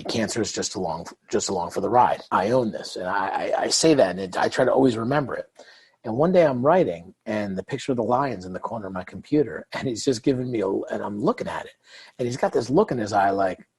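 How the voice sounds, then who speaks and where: A man with a lowish, slightly rough voice talks a little fast while appearing as a guest author in an interview. In the easygoing conversation, he tells stories animatedly and gives voice to the quoted dialogue.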